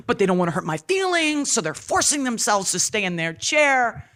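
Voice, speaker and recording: A woman's voice: on the low side, sing-song, moderate pace, hardly any pauses, fairly bright tone. A woman in her forties, a rock singer speaking openly and from the heart in an interview, with frequent fillers. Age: 40s. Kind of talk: candid interview talk.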